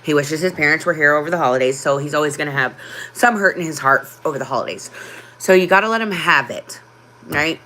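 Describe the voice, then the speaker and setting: A woman hosting a casual livestream, talking openly and from the heart, with frequent ums and pauses. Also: sits low, pushed and bright, slight background noise. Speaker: livestream host.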